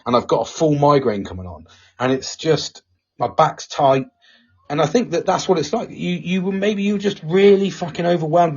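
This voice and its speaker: Sweary, rambling man with a husky voice. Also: on the high side, darkish tone, lo-fi sound. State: tension headache. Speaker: podcast co-host. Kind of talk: casual chat.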